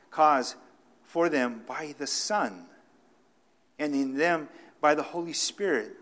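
A man preaching a sermon off the cuff, with restarts and fillers, swinging between loud emphatic stresses and quiet asides. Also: fairly high pitch. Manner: unscripted preaching with frequent restarts and filler words.

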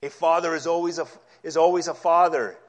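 Male preacher with a higher-pitched voice; an expository sermon that swells into near-yelling. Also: steady tone, fairly quick, dull audio. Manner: impassioned, rising to yelling at times; reads scripture aloud and explains it.

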